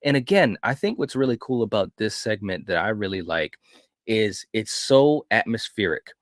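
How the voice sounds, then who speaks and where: A man hosting a film review podcast, retelling a horror movie in an animated, casual way with frequent restarts. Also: lowish voice, moderate pace, no echo, clean studio sound. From grew up in a city. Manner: animated storyteller, frequent restarts and "you know".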